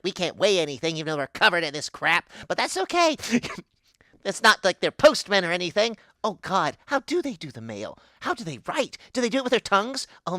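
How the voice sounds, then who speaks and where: A man doing a female pixie goddess, giggling, rambling, mischievous, bright, dry room. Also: dry recording, heavily acted. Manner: rambling, giggly, swings between booming and squealing. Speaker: guest voice actor. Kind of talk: comedic improvised character interview.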